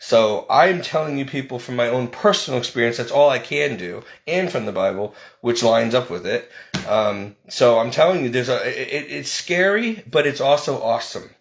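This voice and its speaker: A man giving an earnest, pleading personal testimony to his viewers, halting and restarting, with nervous laughs. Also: mid-range voice, echoey room. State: close to tears at moments. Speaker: online preacher giving testimony.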